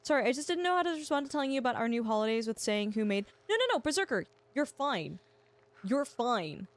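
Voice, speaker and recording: A woman's voice: fairly high pitch, very animated, brisk. Chatty woman streaming games. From Canada. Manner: chatty, answers chat, stammers and restarts. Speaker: game streamer. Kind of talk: casual livestream chat.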